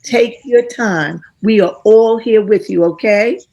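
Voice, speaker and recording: A woman's voice: mid-range voice, a little slow, dark tone, lo-fi sound. A woman moderating an online panel, who encourages speakers in a churchy call-and-response manner over a video call.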